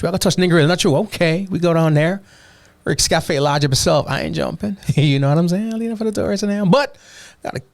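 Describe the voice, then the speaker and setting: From Ocho Rios, Jamaica, this vlogger talks casually about a trip, slipping into patois and repeatedly saying "you know what I mean". His voice is on the high side and gravelly, with no room sound.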